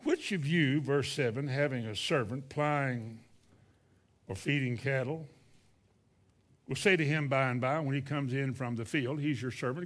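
A man's voice: medium pitch, a little slow. A man preaching a sermon in a folksy way, acting out little scenes and asking his listeners questions. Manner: folksy, acts out boastful voices, asks the congregation questions.

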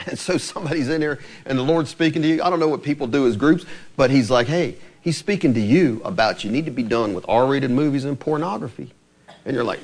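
A man preaching a sermon in a conversational way, slowing right down to stress scripture phrases and acting out the voices he quotes, with light laughs between points. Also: medium pitch, darkish tone.

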